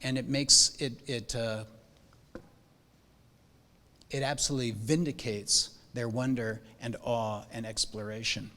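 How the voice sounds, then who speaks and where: A man's voice: mid-range voice, fairly even intonation, a little slow, long pauses, bright, forceful tone. Older man, rambling heartfelt pastor. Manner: rambling, heartfelt, many fillers and restarts. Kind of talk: welcome speech to new parents. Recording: hall with long reverb.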